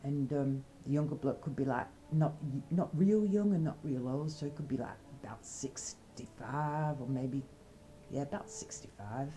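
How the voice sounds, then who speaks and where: A woman's voice: rumbling low, normal speed, dark tone, poor audio. An Australian woman chatting in a rambling, cheeky way and brainstorming bawdy comedy skits. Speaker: comedy skit presenter. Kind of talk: casual comedic chat.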